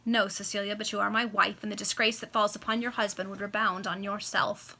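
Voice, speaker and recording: A woman's voice: mid-range voice, little pitch movement, a little fast, bright, forceful tone. A woman reading as a desperate baronet husband. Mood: urgent pleading. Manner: urgent, pleading. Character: flushed, desperate middle-aged baronet husband. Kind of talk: amateur read-aloud of a classic novel.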